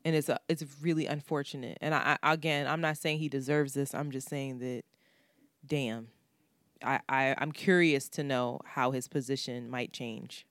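A woman's voice: extremely low pitch, steady tone, normal speed, a bit bright, no echo, studio quality. A woman co-hosting a podcast, telling a story in candid, profane casual chat. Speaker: podcast co-host.

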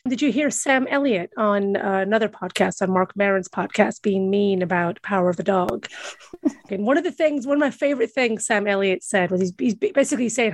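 A woman with a high voice co-hosts a podcast. She teases her partner and laughs a lot, recorded dry and close with no room sound. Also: normal speed, dry recording. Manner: teasing, laughs often, animated. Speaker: podcast co-host. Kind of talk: casual chat.

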